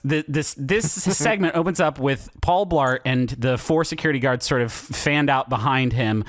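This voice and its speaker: A man co-hosting a podcast, chatting comedically in a meandering, animated way with many filler pauses. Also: on the high side, no echo, studio quality. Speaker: podcast co-host. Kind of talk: casual comedic chat.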